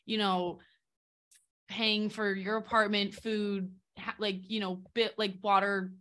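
A woman's voice: mid-range voice, little pitch movement, takes it slowly, a bit bright. A woman in her twenties, a podcast guest and recent graduate, talking in an anxious, rambling way. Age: 20s. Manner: anxious, rambling with fillers and nervous laughs. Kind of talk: casual podcast chat.

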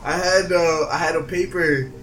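A man's voice: a little high, steady tone, normal speed, distant mic, soft background music, rough recording. A young man in casual chat, telling a school story in a laid-back, self-mocking way and swearing freely.

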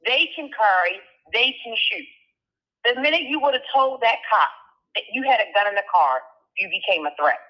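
A woman's voice: on the high side, animated, moderate pace, dull audio. A woman co-host cutting in during casual chat and correcting firmly.

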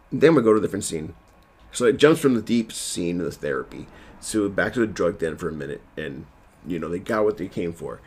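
A man casually recapping a TV episode at home, rambling and self-deprecating, with lots of fillers. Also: low voice.

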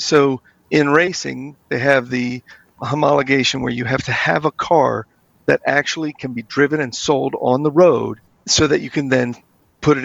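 A man's voice: mid-range voice, vocal fry, a bit bright, husky, no room sound. A man chatting casually as a co-host, explaining things with some stumbling restarts. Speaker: co-host of car podcast. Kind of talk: casual chat. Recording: dull lo-fi mic.

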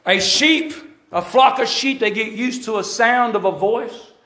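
Man, preacher, sermon, shouting at peaks, very high voice, heavy hall echo. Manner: impassioned, shouting at peaks, drawn-out calls to the church. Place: church sanctuary. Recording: very echoey church hall.

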